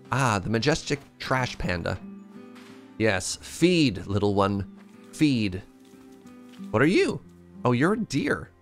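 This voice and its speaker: A man streaming a video game live, with playful, excitable commentary. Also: medium pitch, vocal fry.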